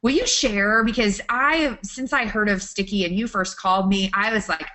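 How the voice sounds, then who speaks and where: A woman talks through business tips in a chatty, enthusiastic way. She restarts her sentences often as the ideas come to her. Her pitch sits in an ordinary middle range for a woman. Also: moderate pace, few pauses, sharp tone. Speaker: guest speaker, photographer. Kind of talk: webinar talk.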